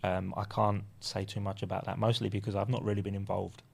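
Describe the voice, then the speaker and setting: A man, a relaxed interview guest who laughs often and hesitates with ums. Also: on the low side, brisk, gravelly, slightly rough. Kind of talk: casual interview.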